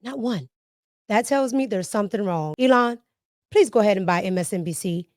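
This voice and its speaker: A woman's voice: medium pitch, expressive, fairly quick, a little mellow, dry recording. Emphatic woman host, dry sound. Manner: emphatic, repeats herself for stress. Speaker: commentary show host. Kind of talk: casual reaction commentary.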